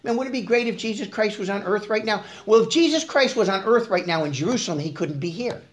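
A man preaching a casual, conversational sermon, asking the congregation questions and moving between loud emphasis and quiet asides. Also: high voice, fast talker.

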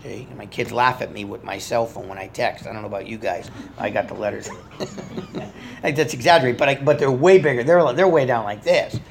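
A middle-aged pastor leads a conversational Bible study sermon, reading scripture with rising emphasis. His medium-pitched voice is slightly fast with vocal fry, and the background is noisy.

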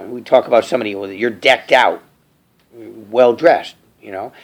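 A middle-aged male preacher teaching a verse-by-verse Bible sermon, reading scripture aloud and then explaining it in plain, halting talk. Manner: repeats and restarts phrases with fillers; lively, swooping pitch.

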